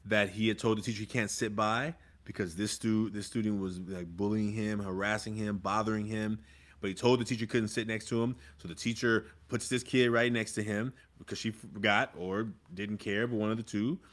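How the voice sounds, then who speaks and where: A man's voice: fairly low pitch, level tone, moderate pace, fairly bright tone. A man who mentors young people and was once a vice principal, telling a story in an earnest, vivid way during a conversation. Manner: earnest storyteller, acts out scenes.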